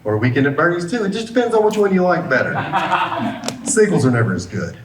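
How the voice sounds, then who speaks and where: A man's voice: fairly high pitch, fast talker. A middle-aged man, a business coach, gives a motivational talk and acts out the people in his story. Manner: lively storyteller who acts out the dialogue. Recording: roomy sound, mic at a distance, faint background hum.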